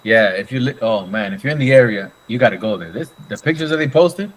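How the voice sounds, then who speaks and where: A man's voice: medium pitch, lively intonation, fast talker, rough recording. A man co-hosting a podcast in casual chat, easygoing and enthusiastic, using slang. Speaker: podcast co-host.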